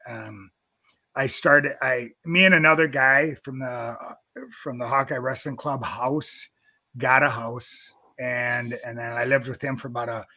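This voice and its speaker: A man's voice: mid-range voice, creaky, bright, forceful tone, no echo. A man in his fifties from North Dakota, a wrestling coach being interviewed, telling a long story in a rambling way with many restarts.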